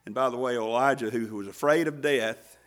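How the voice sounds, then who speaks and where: A man preaching a sermon in a folksy manner, acting out quoted voices and swinging from loud emphasis to near whisper. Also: mid-range voice, fairly quick.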